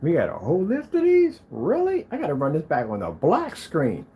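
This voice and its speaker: A man testing and showing off his own projector screens, talking casually to the camera and to himself, proud and quick to defend his product. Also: a little high, slight background noise. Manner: animated, talks to himself as he browses.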